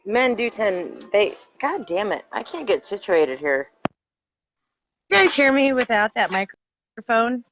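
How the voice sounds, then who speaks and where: A woman's voice: medium pitch, big pitch swings, unhurried, a bit bright, highs cut off, soft background music. Teasing, foul-mouthed woman hosting a live stream. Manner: blunt, swears freely, teasing. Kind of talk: casual live chat.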